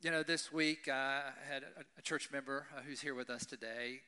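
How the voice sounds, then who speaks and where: A man's voice: mid-range voice, steady tone, moderate pace, bright, forceful tone, smooth. A male pastor giving a conversational sermon to his congregation, often checking in with "right?". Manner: conversational, asks the audience "right?". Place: church service with congregation.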